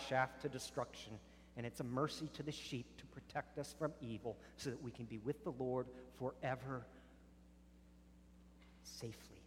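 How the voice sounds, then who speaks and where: A man preaching a sermon as a pastor, earnest, dropping soft on solemn lines. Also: mid-range voice, long reverb tail, slight background noise. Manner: earnest preaching, drops soft on solemn lines, rises sharply in acted arguments.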